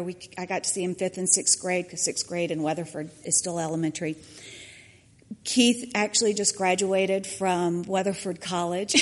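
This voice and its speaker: A woman, a church mentor giving a personal testimony, acting out the quotes in her story. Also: medium pitch. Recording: long hall reverb.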